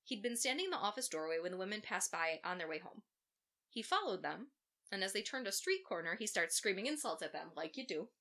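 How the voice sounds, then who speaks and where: Female podcast co-host, casual true-crime storyteller, profane and sarcastic, bright forceful voice. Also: medium pitch, sing-song, quick pace. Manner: profane, sarcastic asides while recounting facts.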